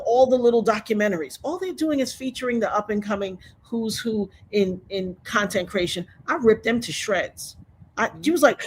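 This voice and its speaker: A woman's voice: fairly high pitch, breathy edge. Emphatic, outspoken woman guest. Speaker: interview guest. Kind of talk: animated interview talk.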